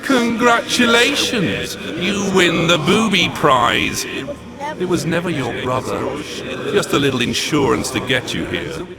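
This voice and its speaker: An actor playing a malevolent demonic overlord in a video game, gravelly, theatrical and mocking. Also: male voice, a little high, unhurried. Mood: gloating. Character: malevolent demonic entity, sneering male overlord.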